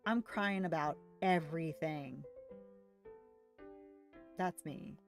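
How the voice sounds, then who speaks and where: A woman's voice: low-pitched, slow, over music. A woman reading a weepy game girl. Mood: self-pitying. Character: weepy young woman upset over ruined makeup.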